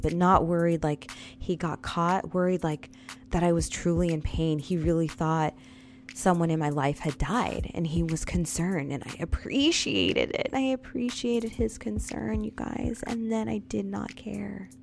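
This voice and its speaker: A woman's voice: on the low side, steady tone, measured pace, creaky, darkish tone. A woman in her thirties telling viewers a personal story in a casual, confessional way, often calling out to them and repeating lines for emphasis.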